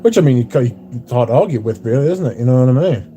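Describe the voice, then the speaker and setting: A man's voice: mid-range voice, expressive, fast, mellow, a little hiss or hum. A man hosting a casual livestream, reading out chat messages in a blunt, mouthy way with frequent swearing. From not American. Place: bar, windy.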